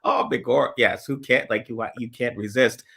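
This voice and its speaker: A man co-hosting a casual political chat, rambling with many restarts and trailing off quietly. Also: mid-range voice, creaky, husky. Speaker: co-host.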